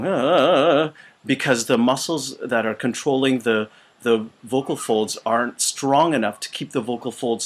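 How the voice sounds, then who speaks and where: Brief: male voice teacher, weakened out-of-shape voice, halting, many ums and restarts, mid-range pitch. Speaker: voice teacher and choir conductor. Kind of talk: casual instructional video. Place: small retreat room.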